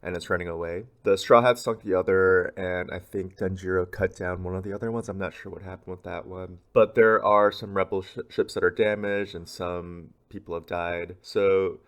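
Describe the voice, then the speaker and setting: A man's voice: deep voice, normal speed, few pauses. A man co-hosting a podcast, casually retelling a comic chapter with small restarts. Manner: relaxed retelling with restarts and fillers. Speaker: podcast co-host.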